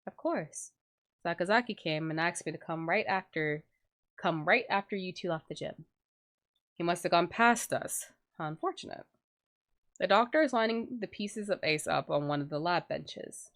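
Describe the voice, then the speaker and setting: A woman's voice: lowish voice, animated, moderate pace, fairly bright tone. A woman playing a silky, sinister school doctor. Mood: sly.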